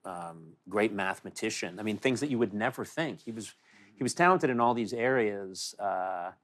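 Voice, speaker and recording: A man with a lowish voice talks in a thoughtful, halting way, pausing on fillers as he hunts for the right word. The tone is casual, like a panel chat. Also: lively intonation, fairly bright tone. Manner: thoughtful, searching for words, many fillers.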